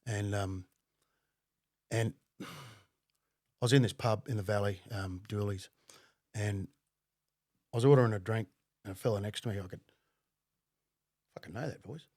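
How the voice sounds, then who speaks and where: A middle-aged man, a podcast guest telling his story bluntly, with plenty of swearing and halting fillers. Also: fairly low pitch, darkish tone, no room sound, studio quality. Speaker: podcast guest, former undercover cop. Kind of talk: casual conversational storytelling.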